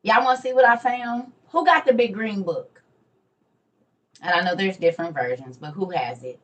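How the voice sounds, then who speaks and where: A woman's voice: mid-range voice, normal speed, low-quality recording. A middle-aged woman, chatting casually with viewers on a morning livestream from home, calling them y'all. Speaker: livestream host. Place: home room.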